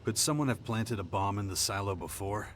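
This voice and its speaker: A man voicing a deep, terse game hero. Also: a little fast, slight background noise, lightly acted. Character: terse male hero investigating an explosion. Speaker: game protagonist. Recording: game audio with music behind. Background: music.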